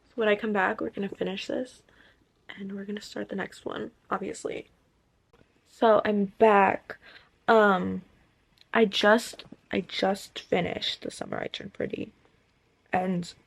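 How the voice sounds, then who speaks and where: A young woman vlogging about a book series, reacting with animated disbelief and reading passages aloud. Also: medium pitch, vocal fry. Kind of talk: casual chat reading aloud.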